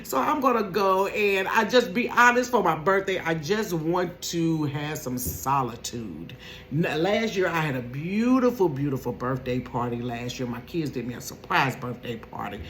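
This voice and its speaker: A woman in her fifties telling a casual storytime vlog from her bedroom, animated and laughing, acting out quotes in a high voice and sometimes dropping to a whisper. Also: moderate pace. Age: 50s. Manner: drops to a whisper at times.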